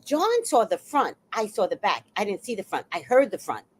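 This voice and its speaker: A woman spins a chaotic neighborhood tale straight to camera, her voice leaping up and down as she goes. She is blunt and swears freely, slipping in and out of the people she is describing. Her pitch sits in an ordinary middle range. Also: normal speed, breathy edge. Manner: animated, blunt and profane, acting out the people in her story. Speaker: vlogger. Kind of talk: casual storytelling monologue.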